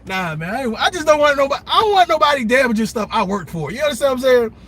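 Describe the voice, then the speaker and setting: Guy going live from his car, high sharp voice, talks straight to viewers, cusses a lot. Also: very fast, husky. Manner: animated, swears, laughs, talks to viewers. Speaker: livestream host. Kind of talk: casual live commentary. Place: parked car in a park.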